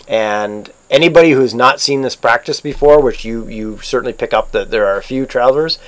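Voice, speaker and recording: A man narrating as game master for an online tabletop game, halting with many fillers and restarts. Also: medium pitch, creaky. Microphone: online voice chat.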